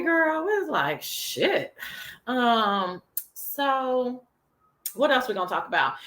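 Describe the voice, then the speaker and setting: Sassy woman host, profane casual chat, mid-pitched voice, roomy echo. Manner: sassy, profane, animated, chatty. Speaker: talk show host.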